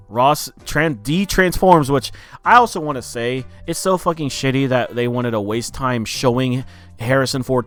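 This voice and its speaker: A man's voice: mid-range voice, a bit bright. A man casually recapping a movie plot for his review channel, loose and profane, with lots of filler words. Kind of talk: casual spoken film review.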